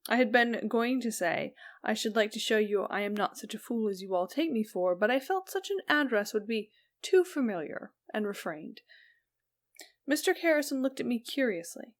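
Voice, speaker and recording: A woman reading a Victorian ghost story aloud as an audiobook narrator, slow and even, dropping softly on the speech tags. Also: fairly high pitch.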